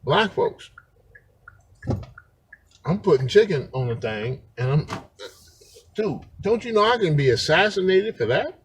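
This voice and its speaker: A man's voice: on the high side, big pitch swings, unhurried, pauses often, husky. A man talking straight to camera in an unscripted monologue, rambling and slangy and often breaking into laughter. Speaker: vlogger.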